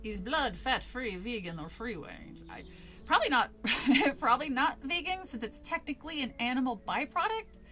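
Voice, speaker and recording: A woman's voice: high voice, animated, normal speed, a bit bright, soft background music. A woman streamer reading a spooky book aloud with casual asides to chat, laughing often and swearing freely.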